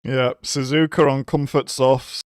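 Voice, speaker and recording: A worn-out man talks his way through a racing game stream in a casual, low-key way, his sentences trailing off into sighs and groans. His voice sits at an ordinary middle pitch, and the sound is close and dry with no room echo. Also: little pitch movement, a little slow, smooth. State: very tired, yawning. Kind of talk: casual live-stream commentary.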